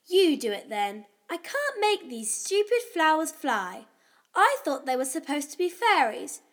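Man putting on a tiny high-pitched girl, sing-song, bouncy, innocent-sounding with a sinister edge, storybook reading. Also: big pitch swings, measured pace, fairly bright tone, full character voice. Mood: cheeky. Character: sweet-seeming little girl, secretly sinister.

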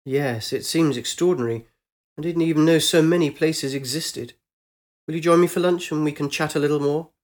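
A man's voice: on the high side, fairly quick, voice pushed up, close to an everyday voice. A man voicing a friendly young woman in a storybook reading, speaking in a raised, eager and polite voice.

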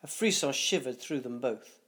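A man reading a dark short story aloud, in a measured, deliberate narration. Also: mid-range voice, expressive, breathy edge.

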